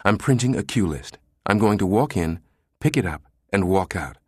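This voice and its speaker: A man voicing a pushy, fierce middle-aged woman analyst, talking in an insistent, sharp, clipped way. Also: low voice, expressive, moderate pace, husky, no echo, studio quality.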